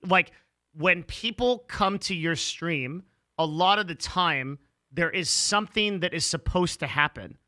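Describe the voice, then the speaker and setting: A man's voice: high-pitched, a little slow, pushed and bright, no room sound. A man hosting a casual interview, talking with energy and emphasis in slangy speech with swearing.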